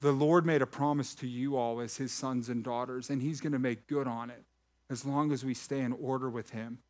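Pastor preaching with animated energy. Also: male voice, medium pitch, normal speed. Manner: animated preaching with jokes to the congregation. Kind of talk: sermon. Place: church hall with a live congregation.

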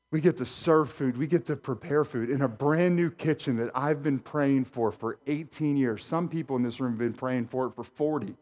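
A middle-aged man preaching a sermon as pastor, animated and jokey, talking straight to his congregation in a church. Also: mid-range voice. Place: church sanctuary.

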